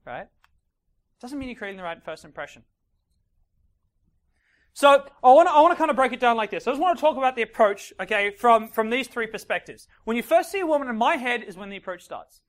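A man coaching a live audience as a dating coach. He talks in an animated way, acts out little scenes and keeps checking in with "right?" and "okay?". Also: very high-pitched, fast talker, few pauses. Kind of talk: live seminar talk to an audience.

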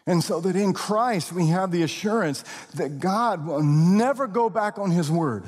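Male pastor, sermon delivery, slow and emphatic, husky tone, reverberant hall sound. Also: high voice. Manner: expressive preaching, slow deliberate emphasis, occasional laughs.

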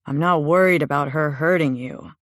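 A woman voicing a tense, protective young man who talks low, steady and urgent in an audiobook. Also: moderate pace, no echo, studio quality.

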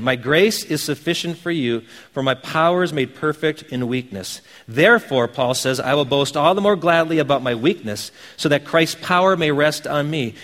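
A man's voice: a little high, a bit bright, long reverb tail. A man preaching a sermon as pastor, earnest, pressing his points with emphatic questions.

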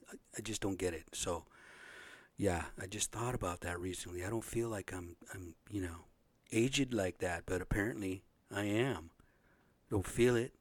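A man's voice: on the low side, a little mellow, dry recording. Rambling, profane man in his fifties. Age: 50s. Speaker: podcast host. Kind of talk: casual monologue.

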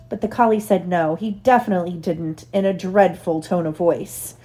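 A mother reads a children's picture book aloud to her little one. Her voice is mellow and soft-edged, telling the story gently with easy, casual asides. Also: medium pitch, a little fast, few pauses. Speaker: parent reading to her child. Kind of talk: bedtime read-aloud.

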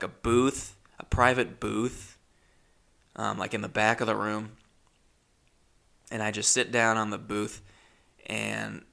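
A man's voice: on the low side, creaky, bright, forceful tone. A man telling a rambling, awkward, self-deprecating comic story with many restarts. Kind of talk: stand-up storytelling.

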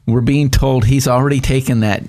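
A man, a pastor, talking through church teaching in a relaxed podcast discussion and reading confession passages aloud. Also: medium pitch, moderate pace, no echo, clean studio sound. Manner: reads confession text aloud, laughs easily. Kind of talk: casual theological discussion.

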